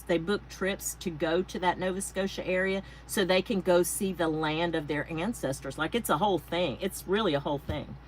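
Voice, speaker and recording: A woman hosts a casual craft livestream from her home craft space, chatting, thanking viewers by name and wandering into rambling asides. Her voice is mid-range, and the low-quality recording has slight background noise.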